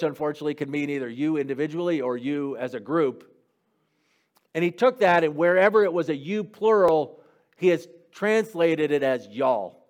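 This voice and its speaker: A man delivers a message in a slightly high voice, reading a short letter from scripture aloud. He then leads the room in a discussion, asking listeners what stood out and building on their answers. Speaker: preacher leading a Bible discussion.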